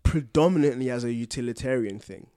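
A man co-hosting a podcast in casual chat, telling lively stories and breaking into loud laughs. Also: mid-range voice, brisk, no room sound, clean studio sound. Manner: animated storyteller, bursts into loud laughter. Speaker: podcast co-host.

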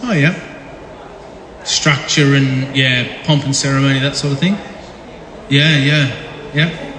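In a big church hall full of long, echoing reverb, a pastor chats and jokes with his congregation during a casual sermon. His voice is mid-range, fairly even and slow, and he often repeats words as he restarts, with background noise present.

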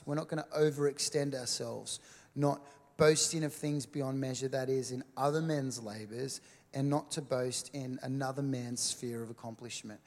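A man's voice: mid-range voice, fairly even intonation, unhurried, a little mellow, in a large hall. A man preaching a sermon as a worship pastor, in a conversational style with many "um"s and "right?" check-ins.

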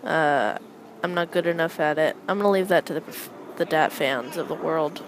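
A young adult woman hosting a casual solo chat, rambling with wry, deadpan asides as she comments on people passing by. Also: low-pitched, normal speed, noisy background. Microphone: close microphone.

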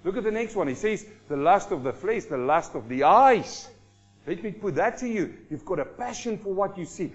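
Animated, higher-voiced male preacher. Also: muffled recording, soft background music. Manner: animated, acts out everyday people in quick asides. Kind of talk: sermon. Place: church congregation hall.

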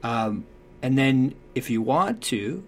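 A man talking earnestly about parenting in a relaxed conversation, acting out what parents and children say. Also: mid-range voice, takes it slowly, slight background noise. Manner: acts out quoted voices, thoughtful and earnest. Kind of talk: conversational advice talk.

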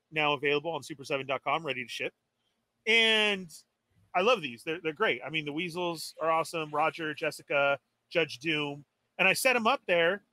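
Excitable high-voiced man telling a story. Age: adult. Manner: excitable, exasperated, acts out his own quotes. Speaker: toy podcast co-host. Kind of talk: animated storytelling on a live stream.

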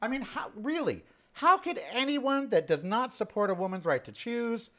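A man's voice: very high voice, big pitch swings, normal speed, pushed and bright. A sixty-year-old man hosting a casual home cooking show, chatting and giving sassy, opinionated asides while he works in his kitchen. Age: 60s.

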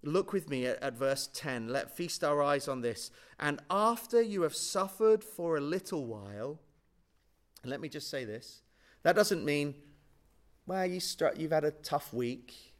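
A man preaching a sermon, swinging between booming emphasis and hushed, slowed-down words. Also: expressive. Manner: slows and stretches key words for emphasis.

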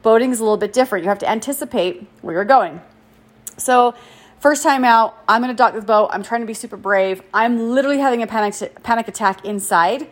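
A woman in her forties telling a personal story in a chatty, self-deprecating way, full of "like" and quick laughs. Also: fairly high pitch. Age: 40s. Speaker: podcast host. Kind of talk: casual storytelling monologue.

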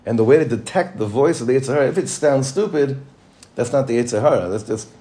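A man's voice: medium pitch, fast, dark tone. A man, a rabbi, teaching a Torah class, probing his students with questions and mixing in Hebrew terms.

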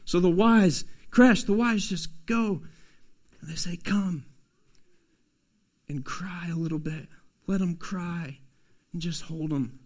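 A male pastor delivers a sermon in a slightly raised voice. He swings between punchy, emphatic lines and quiet, almost hushed asides, speaking straight to his congregation. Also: high-pitched, a little slow.

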